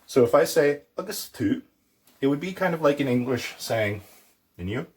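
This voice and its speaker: A man's voice: mid-range voice, animated, moderate pace, a little mellow. A man teaching a casual, playful language lesson, acting out little mock dialogues with a student.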